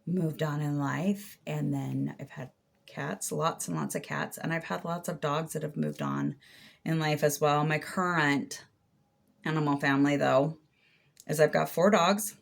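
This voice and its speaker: A woman's voice: deep voice, fairly even intonation, unhurried, vocal fry. A middle-aged woman crochet vlogger answering questions in a casual, chatty way, thinking aloud as she goes. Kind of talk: casual Q&A vlog.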